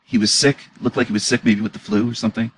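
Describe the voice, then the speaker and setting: A man's voice: medium pitch, fairly even intonation, fast talker, breathy edge, rough recording. A man giving an indignant, emotional reaction commentary on clips, repeating his questions as he argues.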